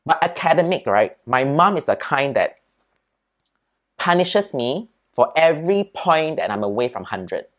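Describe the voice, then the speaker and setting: Animated Singaporean man telling stories. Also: fairly high pitch, a little slow. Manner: animated storyteller, peppers speech with "right?" and "lah". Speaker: interview guest. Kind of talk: casual storytelling in an interview.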